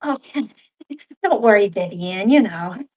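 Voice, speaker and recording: A woman's voice: medium pitch, animated, slow. A woman voicing a shy, awkward young woman starting college, who talks hesitantly and giggles nervously.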